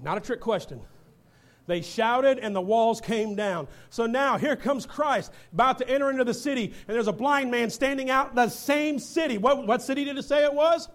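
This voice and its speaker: A male preacher with a strikingly high voice delivers a fervent sermon in a church. He moves between scripture reading and loud, rising exhortation. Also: moderate pace. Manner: fervent, builds to shouting.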